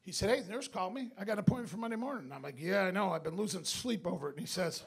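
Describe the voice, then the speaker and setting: A middle-aged man from upstate New York doing stand-up, telling a story in a profane, animated way and shouting the punchlines. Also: sits high, rapid-fire, vocal fry, hardly any pauses, slightly rough. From Binghamton, New York. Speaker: stand-up comedian. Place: comedy club stage with live audience. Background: audience laughter.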